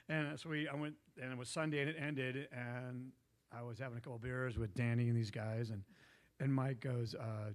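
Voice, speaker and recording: A man's voice: medium pitch, fairly even intonation, moderate pace, pauses often. Rambling man telling stories. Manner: rambling, digressive, laughs often. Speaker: guest investor. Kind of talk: casual storytelling. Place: meetup room.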